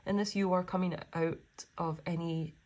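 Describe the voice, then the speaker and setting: A woman's voice: lowish voice, steady tone, moderate pace, darkish tone. A young woman giving a pick-a-card tarot reading, gushing and emotional, rambling with many fillers. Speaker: tarot reader.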